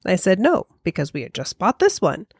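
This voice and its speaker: A woman's voice: on the low side, wildly swooping pitch, brisk, a little mellow, breathy edge, no echo. Podcast lady reading listener mail, joking around, dry mic. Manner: playful, reads listener mail aloud. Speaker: podcast co-host. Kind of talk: casual podcast chat.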